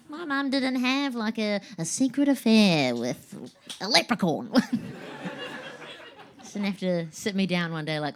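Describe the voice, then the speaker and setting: A young woman with a New Zealand accent doing a stand-up comedy set on stage. Her voice is unusually high and buzzy, like a kazoo, and she talks in a chatty, self-deprecating way with frequent giggles. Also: expressive, moderate pace.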